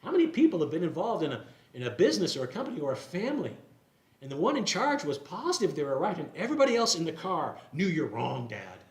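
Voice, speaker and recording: Animated male pastor in an echoey church. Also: high-pitched, fast talker, slight background noise. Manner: conversational, explanatory preaching with rhetorical questions. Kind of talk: sermon. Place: church sanctuary.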